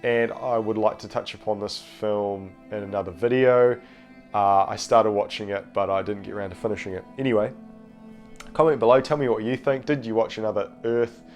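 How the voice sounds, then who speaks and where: Host, male, lowish voice, nasal with a cold, rambling review chat, faint guitar underneath. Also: steady tone, a little fast. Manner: rambling, hesitant, many fillers and restarts. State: has a cold. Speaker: film review channel host. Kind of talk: casual video review.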